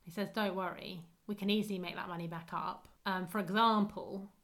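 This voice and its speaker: A woman co-hosting a casual podcast, talking through a sitcom episode with lots of laughter. She speaks in a mid-pitched voice and often slips into acting out the lines she quotes. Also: fairly even intonation, fairly quick, a bit bright. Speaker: podcast co-host.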